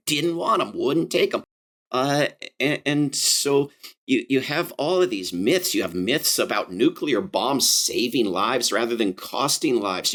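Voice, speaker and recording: A man speaking as an interview guest, talking with passion, starting over often and acting out quoted voices, with a mid-pitched voice. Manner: animated and impassioned, many fillers and restarts, acts out quoted voices. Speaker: interview guest, anti-war activist. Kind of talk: conversational interview.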